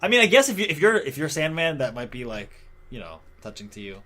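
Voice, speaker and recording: A man's voice: fairly high pitch, very animated, quick pace, bright, forceful tone. A man co-hosting a casual podcast, hesitantly thinking aloud about a comic. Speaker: podcast co-host. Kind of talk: casual comic-book discussion.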